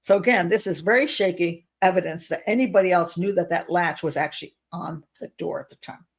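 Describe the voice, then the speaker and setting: A woman's voice: lowish voice, brisk, husky. Incredulous, sarcastic woman profiler. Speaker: criminal profiler host. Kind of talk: commentary.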